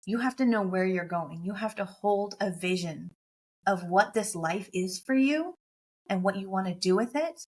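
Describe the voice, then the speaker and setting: An American woman, a motivational speaker and coach, tells a heartfelt personal story as an interview guest. Her medium-pitched voice is slightly rough and moves at normal speed, earnest and emotional, with key phrases repeated.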